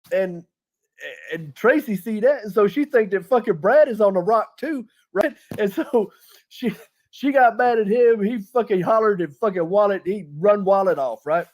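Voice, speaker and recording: A man's voice: high voice, darkish tone. Profane rambling man telling stories. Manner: profane, rambling, laughing storyteller. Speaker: podcast host. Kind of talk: casual storytelling chat.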